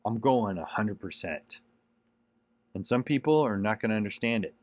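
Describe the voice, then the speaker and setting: A man's voice: fairly low pitch, animated, moderate pace, no echo. A man hosting his own podcast, giving an earnest, repetitive motivational monologue with emphatic pushes. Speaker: podcast host.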